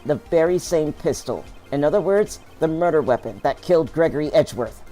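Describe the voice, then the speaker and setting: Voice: mid-range voice, animated, a little fast, warm tone, soft background music, close to an everyday voice. A streamer voicing an earnest young male defense lawyer while reading a video game's text aloud, in a near-plain voice. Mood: pressing.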